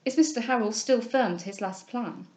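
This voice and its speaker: A woman reading a calm, gently firm young lady. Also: fairly high pitch, lightly acted. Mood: gentle. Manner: measured, gentle, formal. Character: composed, kindly young heiress, gently firm. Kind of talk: audiobook character reading.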